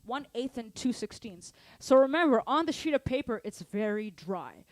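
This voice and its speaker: A woman teaching a drum lesson, energetic, counting beats aloud and asking her students to stay engaged. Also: fairly high pitch, normal speed, no room sound. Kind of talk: live online drum lesson. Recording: drum kit playing behind. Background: drum kit.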